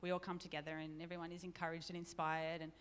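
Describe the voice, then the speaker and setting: In a reverberant church hall, a woman preaches with a deep, smooth voice, flat delivery and quick pace. She's chatty and self-deprecating, laughing often.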